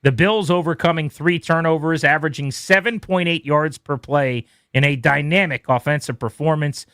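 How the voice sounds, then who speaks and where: A man hosting a sports radio show, rattling off quick game recaps with playful asides. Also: on the high side, fairly bright tone, smooth, no echo, studio quality. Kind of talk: brisk scores recap.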